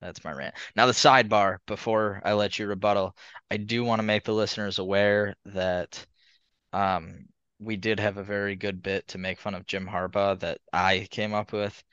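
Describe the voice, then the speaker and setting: A man's voice: fairly low pitch, flat delivery, normal speed, a bit bright, smooth, dry recording. A man co-hosting a podcast, rambling through a casual sports chat and laughing between points. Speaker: podcast co-host. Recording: slightly muffled lo-fi audio.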